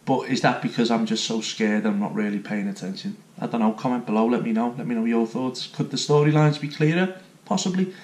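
A man's voice: medium pitch, brisk, darkish tone. An enthusiastic man, chatting casually as he reviews a theme park. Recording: roomy echo.

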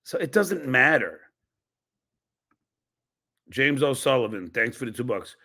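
A man's voice: mid-range voice, big pitch swings, a little slow, vocal fry, sharp tone, husky. A man hosting a podcast, reading out viewer donations and firing back blunt, profane retorts. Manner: reads messages aloud and snaps back with blunt, profane retorts. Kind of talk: casual live-stream chat.

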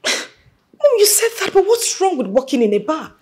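A woman's voice: sits high, big pitch swings, moderate pace, darkish tone. An actress with a Nigerian English accent playing a young woman who argues with her mother and begs to keep the man she loves. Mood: arguing. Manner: pleading, emotional. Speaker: daughter.

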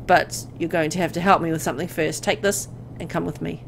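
A woman voicing a grim, determined man who speaks in a low, hushed, ominous way. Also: fairly even intonation, fairly quick, vocal fry, slight background noise, rough recording.

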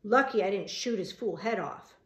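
A woman reading the part of a gruff, angry male construction foreman in an audiobook, loud and blustering. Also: medium pitch, normal speed, roomy sound, close to an everyday voice.

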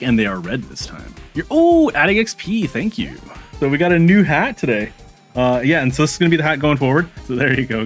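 A man's voice: medium pitch, a bit bright. A man casually commenting on his strategy game stream, chatting with viewers and reacting as he goes, with frequent fillers and restarts.

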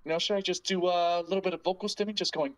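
A man's voice: high voice, fairly even intonation, racing, slight background noise, poor audio. A man hosting a podcast, rambling and joking crudely in casual banter. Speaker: podcast host.

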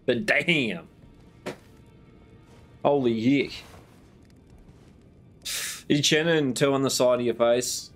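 A man's voice: medium pitch, slow pace, long pauses, soft background music. A man with a New Zealand accent streaming a game late at night, chatting casually, teasing his viewers and swearing freely. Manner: laid-back, swears freely, teases his chat.

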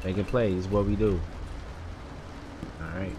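A man giving slangy, excitable live commentary on a horror game as a gaming streamer. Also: deep voice, measured pace, noisy background. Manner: excitable, slangy, yelling when startled.

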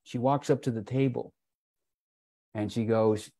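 A man's voice: mid-range voice, steady tone, measured pace, mellow. A man on a video call telling a wellness sales story in a folksy way, often calling his listeners "folks" and acting out the people in it. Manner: folksy, repeats "folks", acts out quotes. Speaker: wellness product presenter.

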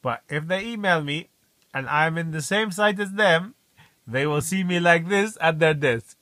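A man casually vlogging at home, telling rambling stories in a wry, often quiet way. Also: a little high, measured pace, no echo. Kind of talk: casual diet vlog.

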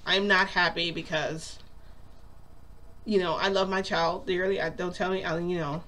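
A woman's voice: fairly low pitch, fairly even intonation, moderate pace, a bit bright. A woman vlogger telling a long story in a casual, rambling way, full of "like" and acted-out quotes. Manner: rambling, lots of "like", acts out quotes.

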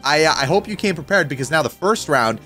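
A young man hosting a gaming video, excitable and jokey, panicking and shouting as he plays. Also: fairly high pitch, fast, soft background music. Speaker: gaming YouTuber host. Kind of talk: excited gameplay commentary.

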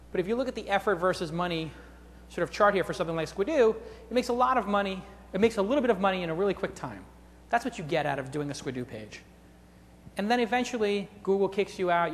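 A middle-aged man giving a blunt, irreverent conference keynote on a stage mic in a large convention hall, with sarcastic asides. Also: on the high side. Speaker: keynote speaker. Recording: long reverb of a big hall.

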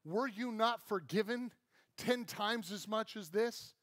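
Guy doing a stern king, low and hushed, fairly high voice, dry sound. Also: slow pace, dry recording. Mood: wrathful. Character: stern powerful male king, judging debtors.

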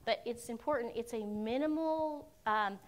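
A woman's voice: fairly high pitch, normal speed. Earnest woman answering conference questions. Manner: earnest, checks in with "okay?" often. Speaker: conference speaker. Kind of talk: Q&A teaching talk. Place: university conference room.

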